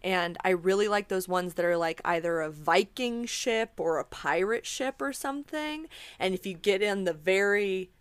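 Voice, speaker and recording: A woman's voice: medium pitch, expressive, normal speed, hardly any pauses, clean tone, dry recording. A woman co-hosting a podcast in casual chat who wanders and searches for words. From New Mexico. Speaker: podcast co-host.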